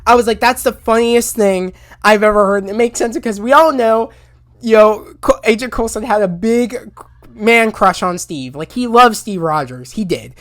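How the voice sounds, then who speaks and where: A man recapping a TV episode in a casual, rambling way, full of "you know" fillers and bursts of loud excitement. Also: high voice, normal speed, dry recording. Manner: rambling, heavy on fillers, gets loud and excited retelling scenes. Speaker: show recap reviewer.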